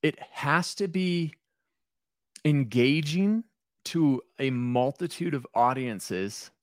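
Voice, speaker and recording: A man's voice: fairly high pitch, lively intonation, slow pace, no room sound. Rambling, self-deprecating male podcast guest, a bit stoned, dry close mic. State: a little stoned. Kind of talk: casual podcast chat.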